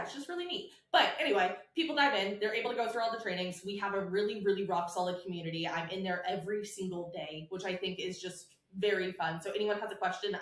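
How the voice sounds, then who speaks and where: A woman's voice: medium pitch, a bit bright, echoey room. A woman guest on a podcast, a salon business coach, talking in a bubbly, chatty way and swearing freely. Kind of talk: casual podcast interview.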